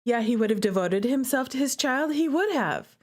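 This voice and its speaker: Reading a visual novel aloud on stream at a normal speed, a woman with a high, animated voice chats and reacts emotionally. She grows indignant for one of the characters while soft guitar music plays in the background.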